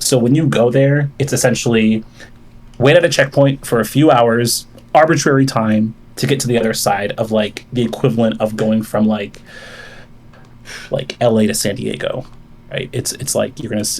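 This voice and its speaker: A man with a gravelly, creaky voice argues his side on an online debate call. He builds his case at length, with frequent fillers and restarts. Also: mid-range voice, fairly even intonation, moderate pace. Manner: lays out a long argument with many fillers and restarts. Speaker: caller debating the host.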